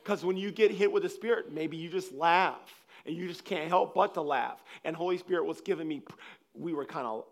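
A man preaching a sermon, telling personal stories in a rambling, animated way, with frequent restarts. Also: fairly high pitch, moderate pace. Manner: animated, acts out scenes with loud laughter and shouts; rambling, restarts sentences often.

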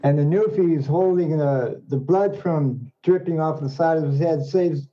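Man, fairly high voice, slow joke-teller, muffled lo-fi sound. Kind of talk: joke telling. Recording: dull lo-fi audio.

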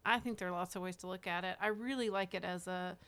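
A woman's voice: fairly low pitch, quick pace, a bit bright, clear, resonant tone. A woman co-hosting a podcast, talking through a movie review in casual chat and thinking aloud as she goes. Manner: rambling, thinks aloud with many hedges. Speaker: podcast co-host.

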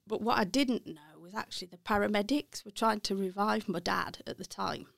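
Creaky-voiced Brummie woman. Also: medium pitch, brisk, few pauses, no echo, studio quality. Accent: Birmingham. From West Midlands, England. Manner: candid, self-correcting, laughs softly. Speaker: interview guest, accounting firm partner. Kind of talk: reflective interview chat.

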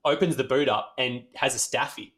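Australian man, casual storytelling, sweary, rambling, mid-pitched voice. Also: normal speed. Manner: animated, swears freely, rambling with fillers. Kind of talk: casual anecdote.

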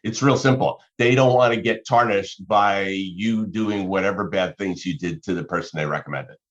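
A man's voice: sits low, normal speed. A man giving conversational business advice, explaining through examples with self-corrections. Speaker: business advisor. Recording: dull lo-fi sound.

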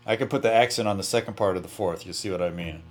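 A man, a guitarist, explaining his practice approach in a relaxed interview, with loose phrasing, restarts and frequent "you know"s. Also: on the low side, racing.

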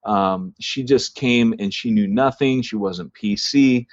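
A podcast host with a fairly low voice slowly tells a long, rambling church story in a casual way, full of ums and restarts. The recording is dry, dull and lo-fi, with no room sound.

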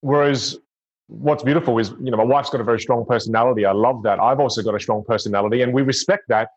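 A man's voice: mid-range voice, steady tone, fast talker, breathy edge. A man talking earnestly and reflectively in casual conversation, often restarting his sentences. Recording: dull lo-fi sound.

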